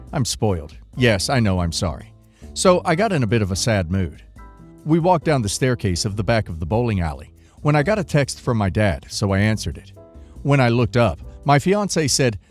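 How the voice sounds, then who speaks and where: Male narrator reading forum stories aloud with a lively, varied pitch; low music bed behind.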